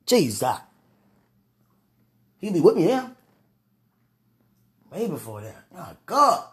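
A woman's voice: lowish voice, sing-song, takes it slowly, a bit bright. A woman vlogging in a casual, gushing way, praying aloud and laughing between breathless exclamations. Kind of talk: casual talk to camera and prayer.

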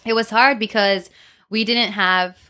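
A woman's voice: mid-range voice, fairly even intonation, a little slow, sharp tone. A woman in casual chat, animatedly telling personal stories, acting out quotes and laughing often. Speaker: guest.

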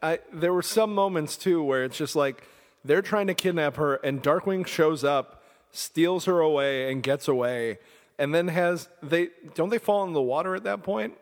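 A man's voice: a little high, normal speed, big-room sound. A man in casual podcast chat, laughing often as he recaps episodes. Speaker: podcast co-host.

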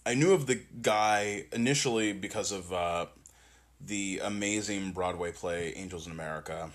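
A young man co-hosting a podcast, chatting casually, animated, swearing and laughing often. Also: deep voice, moderate pace. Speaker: podcast co-host. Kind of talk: casual chat.

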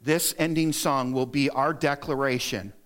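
A man's voice: measured pace, a bit bright. A middle-aged male pastor giving an earnest, exhorting sermon in a church, lifting his voice to stress his points. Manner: earnest and exhorting, lists points, rises in pitch to stress them. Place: church sanctuary.

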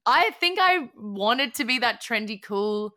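An Australian woman with a bright, clear voice talks in a loose podcast chat. She gushes with emotion, swears freely and breaks into laughter. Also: on the high side, expressive, unhurried. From Gold Coast, Australia. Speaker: musician guest.

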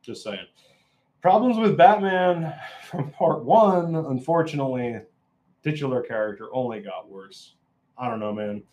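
A man's voice: mid-range voice, lively intonation, a little slow, dark tone. A man giving a casual, opinionated film review, rambling and often restarting his sentences.

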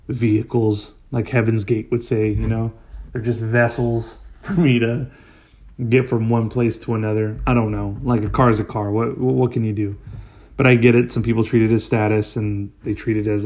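A man at a middle pitch tells a story for a podcast in loose, casual talk. He swears a lot and sounds exasperated, and his voice keeps jumping up into outbursts. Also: a little mellow. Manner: profane and exasperated, with rising outbursts. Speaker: podcast host.

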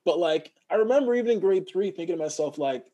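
A man from Montreal, an actor and guest in a casual interview, telling stories in an animated way and mimicking other people's voices. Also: high voice, fast. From Montreal, Canada.

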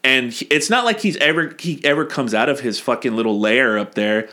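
A man chats through a movie recap in a loose, rambling way, swearing freely. He slips into goofy voices when quoting characters. His voice sits at an ordinary middle pitch. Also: a little fast, bright, forceful tone. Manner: rambling, profane, acts out quotes in silly voices. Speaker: podcast co-host. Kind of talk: casual movie recap chat.

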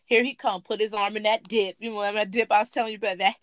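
A young woman co-hosting a casual podcast chat, telling a story in an animated way, acting out what people said, laughing often. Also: mid-range voice, rapid-fire, dry recording. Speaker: podcast co-host.

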